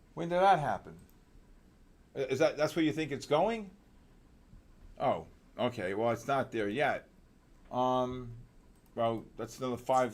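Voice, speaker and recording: A man hosting a live trading session, talking fast and excitedly with sudden loud exclamations. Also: mid-range voice. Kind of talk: live trading room commentary.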